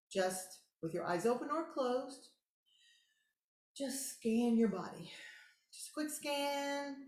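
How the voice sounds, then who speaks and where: A woman who calmly and encouragingly guides listeners through simple relaxation tools in a casual teaching talk. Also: mid-range voice. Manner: calm, instructive, encouraging. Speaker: host. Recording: roomy echo.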